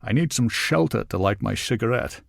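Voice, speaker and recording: A man playing a curt, gruff older man. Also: mid-range voice, animated, normal speed, no echo, studio quality. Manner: curt, clipped replies. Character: tall older balding man, brusque and firm. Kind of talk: audiobook character voice.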